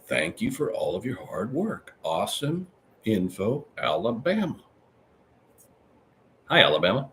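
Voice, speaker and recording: A man's voice: unhurried, long pauses, slight background noise. A man hosting a live-stream podcast, chatting casually and rambling as he reads out viewer comments. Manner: chatty, rambling, animated swings in pitch. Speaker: livestream podcast host.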